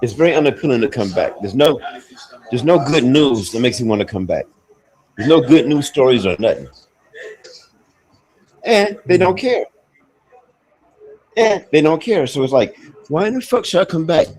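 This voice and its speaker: Casting: blunt, foul-mouthed man, casual chat, lively pitch swings, lots of restarts. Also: fairly quick, slightly rough, low-quality recording. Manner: blunt, profane, rambling with many restarts. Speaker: expat talking on a livestream call. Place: abroad, with faint outdoor sounds behind.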